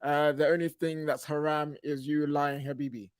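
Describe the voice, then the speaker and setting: A man's voice: a little high, level tone, moderate pace, smooth, no room sound, clean studio sound. A young man hosting a casual podcast chat, laid-back and slangy, reading viewer messages aloud. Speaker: podcast host reading super chats.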